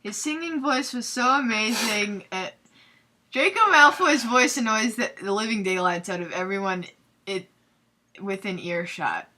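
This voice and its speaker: A young woman hosting a comedic fanfiction readthrough, reading aloud with sarcastic, giggly, deadpan asides. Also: mid-range voice, unhurried.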